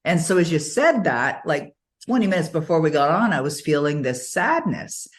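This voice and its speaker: A middle-aged woman giving an interview, telling stories in a lively way and often laughing as she talks. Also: sits low, moderate pace. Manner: animated storytelling, frequent laughs. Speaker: interview guest. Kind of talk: casual interview conversation.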